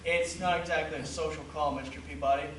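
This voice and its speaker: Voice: medium pitch, steady tone, fast, a bit bright, slight background noise, natural voice. An actor playing a courteous, plain-spoken small-town police officer in an amateur stage play. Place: stage in a hall. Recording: roomy hall from a distance.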